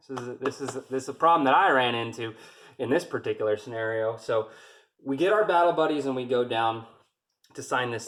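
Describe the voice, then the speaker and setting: A man's voice: medium pitch, a bit bright. Rambling, profane male storyteller. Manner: rambling and profane, with many restarts. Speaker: army veteran telling his story. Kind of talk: casual storytelling.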